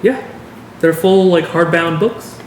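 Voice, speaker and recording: A man's voice: a little high, slow pace, darkish tone. A man in casual chat who explains eagerly and corrects others with confidence. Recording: roomy with faint noise.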